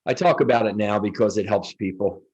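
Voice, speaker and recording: A man's voice: on the low side, fairly quick, a little mellow, breathy edge, muffled recording. A middle-aged man, a guest in an interview, telling a personal story in earnest and acting out the dialogue.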